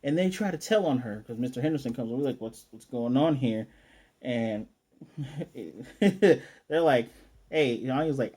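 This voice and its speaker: Man, anime review recap, mellow voice, lively, jumps into character voices. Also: mid-range voice, husky. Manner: animated, acts out characters' lines in quick voices. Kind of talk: casual episode recap.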